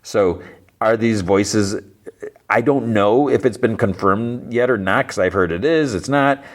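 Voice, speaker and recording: A man's voice: fairly low pitch, a little slow. A man hosting a podcast, casually recapping a TV episode in a rambling, filler-heavy way. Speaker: podcast host.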